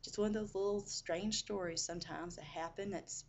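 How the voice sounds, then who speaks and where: A woman with a fairly low voice tells a story in a casual, chatty way. She drops in "you know" asides as she goes. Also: fairly even intonation, moderate pace, darkish tone.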